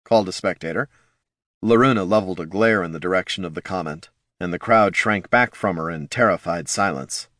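A man narrating a fantasy audiobook in an expressive storytelling manner. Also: sits low, fairly quick, no room sound, clean studio sound.

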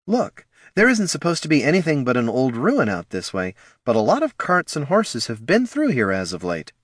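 A man voicing a calm, dry-witted female elf ranger who speaks in a measured way. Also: medium pitch, no room sound, pitched above the performer's own voice.

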